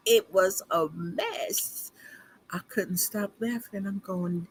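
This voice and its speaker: A middle-aged woman hosting a casual livestream, telling a family story in a chatty, animated way, laughing along and calling her viewers y'all. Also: mid-range voice, drawn-out words, slightly rough. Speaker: beauty consultant livestream host.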